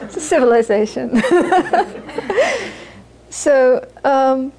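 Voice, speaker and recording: A woman's voice: sits high, steady tone, slow pace, a crowd in the background, rough recording. A woman teaching Buddhism to an audience in a conversational way, repeating phrases for emphasis and laughing through stories. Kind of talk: dharma talk to an audience.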